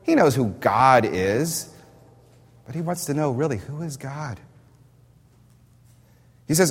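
A man's voice: mid-range voice, expressive, slow, pauses often, breathy edge. A man preaching a sermon as a pastor, impassioned and emphatic, repeating words as he builds his points. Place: church sanctuary. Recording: echoey hall reverb.

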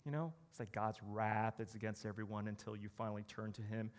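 A man delivering a conversational sermon as a pastor, animated and joking, slipping into quoted voices. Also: fairly low pitch, a little fast. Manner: animated, conversational preaching with jokes and acted quotes.

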